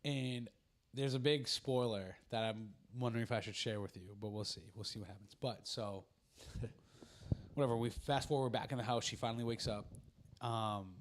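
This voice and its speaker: A man's voice: medium pitch, steady tone, normal speed, slight background noise. A man hosting a casual podcast chat, retelling a film's plot in a rambling way, acting out the characters' lines and swearing freely. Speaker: podcast host.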